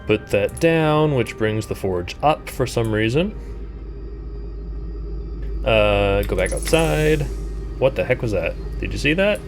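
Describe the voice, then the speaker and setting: A man streaming a game live, thinking aloud and breaking into startled, high-pitched exclamations. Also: expressive, slow pace, long pauses, faint music behind. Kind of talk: live gameplay commentary.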